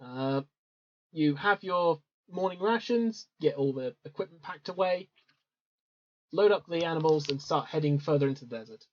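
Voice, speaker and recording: A game master narrating a tabletop game in an easygoing way, with many pauses and ums. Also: medium pitch, animated. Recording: dull lo-fi recording.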